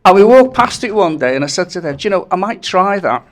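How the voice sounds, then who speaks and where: Guy doing a wedding speech, kinda high voice, rambling funny stories, laughs at his own jokes. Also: sing-song, fast talker. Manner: anecdotal storytelling, chuckles at his own jokes. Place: wedding reception.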